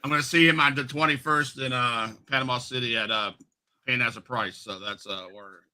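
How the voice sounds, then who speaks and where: A man's voice: medium pitch, steady tone, brisk, sharp tone. A man in a casual chat, talking in a conversational way with offhand asides.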